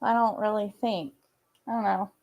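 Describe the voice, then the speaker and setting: A woman's voice: mid-range voice, steady tone, moderate pace, creaky, darkish tone. A woman co-hosting a casual political chat, speaking in a blunt, plainspoken way.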